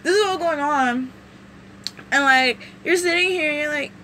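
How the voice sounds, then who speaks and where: A woman vlogger tells a show recap in a rambling, animated way, full of asides. Her voice is high and bright. There is a faint hiss of noise behind her. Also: normal speed.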